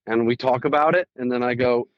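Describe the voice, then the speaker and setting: A man's voice: medium pitch, fairly quick, dull audio. A man hosting a podcast in casual conversation, telling stories and acting out the dialogue of others. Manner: storytelling, acts out quoted dialogue. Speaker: podcast host.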